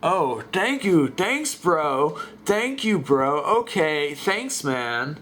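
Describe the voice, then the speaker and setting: A man voicing a rambling, excited middle-aged radio caller who talks slowly and halting, repeating himself in a comic voice-over dub. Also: a little high, slight background noise, pitched above the performer's own voice, exaggerated voice. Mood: insistent.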